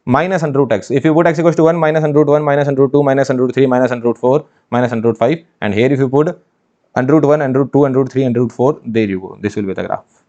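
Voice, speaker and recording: Fast emphatic math teacher. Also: male voice, mid-range voice, mellow. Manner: emphatic, repeats phrases, asks rhetorical questions. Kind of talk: online exam-prep lecture. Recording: dull lo-fi sound.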